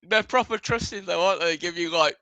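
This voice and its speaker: A man's voice: high-pitched, fast talker, bright, forceful tone, no echo. A man on a late-night chat stream, joking, laughing and swearing casually. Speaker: podcast panelist.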